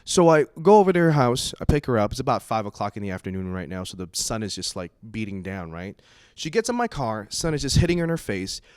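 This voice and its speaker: Young man, stand-up comic, lively swinging pitch, dry close sound, profane, exasperated bursts. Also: fast talker, hardly any pauses, clean tone, no room sound. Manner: profane, conversational. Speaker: stand-up comedian. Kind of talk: stand-up comedy set.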